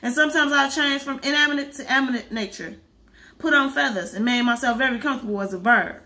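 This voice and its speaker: A woman's voice: high voice, fast. Woman reading as a playful old fairy godmother. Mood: teasing. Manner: lively, teasing.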